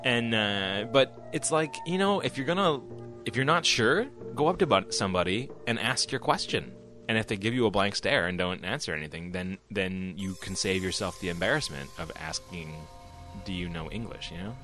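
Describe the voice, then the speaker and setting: A man's voice: on the low side, normal speed, faint music behind. A man co-hosting a casual podcast, telling a story with lots of swearing and acted-out quotes. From Canada. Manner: animated storyteller, swears freely, acts out quotes. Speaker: podcast co-host. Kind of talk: casual chat.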